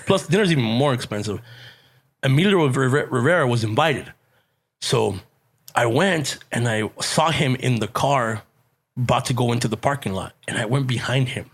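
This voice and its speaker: A man with a Chicano English accent telling stories in a casual chat, animated, swearing and laughing. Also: mid-range voice, normal speed. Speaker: podcast guest, actor and comedian.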